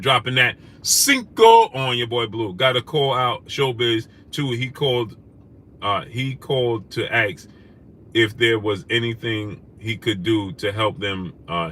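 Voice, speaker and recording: Man, livestream host, very bright tone, argumentative, greets viewers by name. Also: on the low side, a little hiss or hum. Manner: combative, rising to loud indignant questions. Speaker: live stream host. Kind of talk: livestream chat reading comments.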